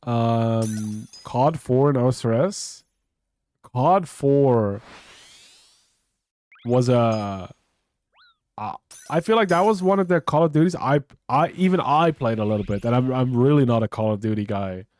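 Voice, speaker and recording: Here a young streamer's mid-range voice comes across expressive, unhurried, and a little mellow despite his stuffy nose. Chatting casually over his game, he wanders from point to point, swears plenty, and often begins sentences again.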